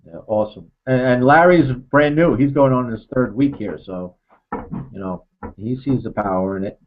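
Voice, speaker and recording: A man's voice: mid-range voice, moderate pace. A man hosting a video call, casually handing the floor to others. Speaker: hangout host. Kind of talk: casual moderating. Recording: dull lo-fi video call audio.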